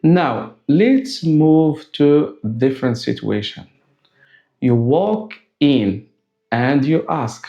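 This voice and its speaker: A male English teacher speaks at a very slow, deliberate pace, patiently modeling short questions and lifting his voice at the end of each one. His tone is mellow and warm. The recording sounds a little dull and lo-fi. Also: on the high side, animated. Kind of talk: scripted lesson narration.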